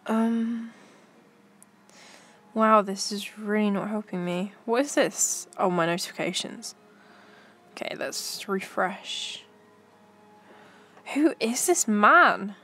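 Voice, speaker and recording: A woman's voice: medium pitch, slow pace, a bit bright. A young woman chatting casually to her stream while browsing pictures, giggly and talking to herself.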